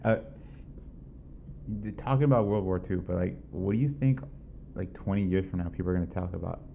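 A man's voice: deep voice, a little fast, creaky, highs cut off, slight background noise. A man co-hosting a podcast in laid-back, joking banter. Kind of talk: casual chat.

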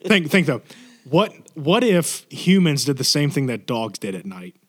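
High-voiced playful man. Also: very animated. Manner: playful, riffs on jokes with quick asides. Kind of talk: casual chat.

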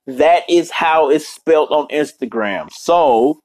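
Alone in an apartment room, a young podcast host rants casually, blunt and full of constant swearing. He speaks slowly in a slightly high, somewhat mellow voice, with poor audio and no room sound.

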